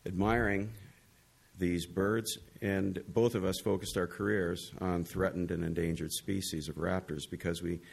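Deep husky older man testifying. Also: fairly even intonation. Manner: measured, earnest. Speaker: bird research coordinator. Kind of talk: public hearing testimony.

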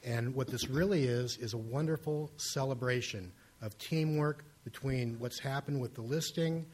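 Brisk older scientist testifying at a hearing. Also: male voice, mid-range voice, darkish tone, slightly rough. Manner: brisk, with many fillers. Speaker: university raptor researcher.

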